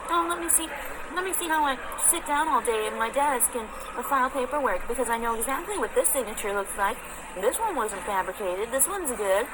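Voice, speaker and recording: A woman's voice: on the high side, animated, a little fast, background noise, voice pushed up, lightly acted. Woman mocking a smug know-it-all official. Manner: sarcastic mocking impression.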